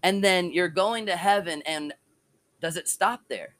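A man's voice: sits high, measured pace, a bit bright, no room sound. A man giving an informal, passionate sermon and personal testimony from home, mixing scripture talk with casual slang. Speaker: preacher.

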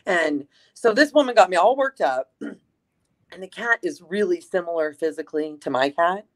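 A woman chatting casually and telling an animated story, swearing freely and using lots of fillers. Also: fairly low pitch, normal speed.

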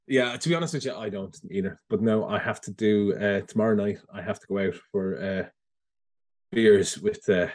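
A man's voice: lowish voice, normal speed, darkish tone. A man co-hosting a podcast in casual chat, dry and understated. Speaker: podcast co-host.

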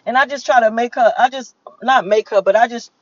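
A woman's voice: on the high side, a little fast, dry recording, muffled recording. A woman vlogging while driving home, talking to her viewers in a rambling, emotional, profane way with lots of fillers. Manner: emotional, profane, repetitive storytelling with many fillers. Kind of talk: casual rambling monologue.

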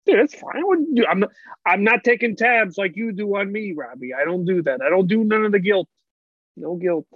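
A man's voice: high voice, brisk, no echo, phone-quality sound. A man in casual podcast chat, joking around and swearing a lot. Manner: laughing, swearing, animated. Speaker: podcast guest.

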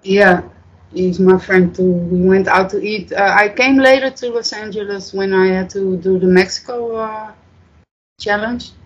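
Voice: medium pitch, muffled recording. Rambling interview guest. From Netherlands. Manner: rambling, halting, many fillers, swears freely. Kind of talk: casual storytelling.

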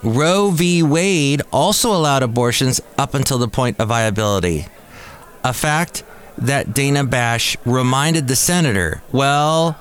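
A man's voice: medium pitch, measured pace, fairly bright tone, clear, resonant tone. A man hosting a podcast from a cafe. He talks in a casual, rambling monologue full of jokey, sarcastic asides. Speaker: podcast host.

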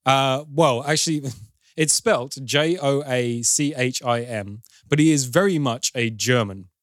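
A man's voice: mid-range voice, a little slow, no echo, studio quality. A man hosting a podcast, casually recounting a film's plot in a wry, lightly sardonic storytelling manner. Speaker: podcast host recapping a film. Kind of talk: casual film recap chat.

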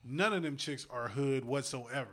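A man's voice: medium pitch, normal speed, fairly bright tone. A man hosting a podcast in casual chat, blunt and joking with some profanity. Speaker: podcast host.

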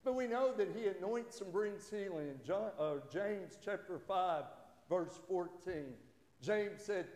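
High-voiced pastor preaching in an echoey hall. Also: male voice, unhurried, a little mellow. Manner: preaching with rising fervor. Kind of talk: sermon. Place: church sanctuary.

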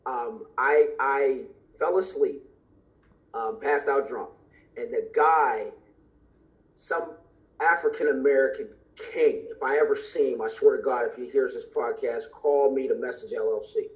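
A man's voice: mid-range voice, measured pace, rough recording. Guy on a podcast, earnest, open, gets emotional telling his story. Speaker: podcast guest and speaker. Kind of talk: personal storytelling in interview.

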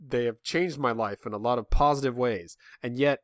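Rambling, dry-sounding dad chatting. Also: male voice, medium pitch, normal speed, dry recording. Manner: rambling with many restarts and self-mocking asides. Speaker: podcast co-host. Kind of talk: casual chat.

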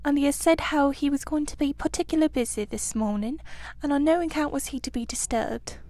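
A woman's voice: high-pitched, a little fast, mellow, no echo, voice pushed up, lightly acted. A woman voicing a young male hedgehog who speaks humbly, in plain countrified talk, full of respect. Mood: respectful. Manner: polite rustic country speech, keeps saying sir.

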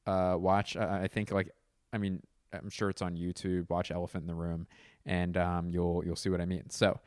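Comedian guy in his 40s rambling thru a story, swears a lot, low smooth voice, dry sound. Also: little pitch movement, normal speed, a little mellow, no room sound. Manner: rambling, profane, self-deprecating. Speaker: comedian and podcast host. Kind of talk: casual storytelling monologue.

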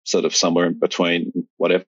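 Australian man, low husky voice. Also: normal speed, no room sound. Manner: rambling, many restarts and fillers. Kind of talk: casual conversation. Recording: dull, lo-fi sound.

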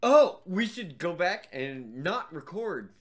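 A man's voice: sits high, sing-song, slow pace. A man co-hosting a podcast, talking crudely with lots of swearing and laughter. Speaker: podcast co-host. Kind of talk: casual chat.

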